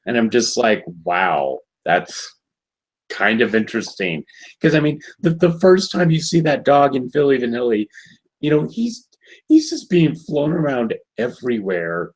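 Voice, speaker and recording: A man's voice: a little high, sing-song, normal speed, a little mellow, breathy edge, low-quality recording. A man on a casual review podcast, talking in a laid-back, hesitant way with lots of fillers. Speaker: podcast co-host reviewing a cartoon episode. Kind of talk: casual chat.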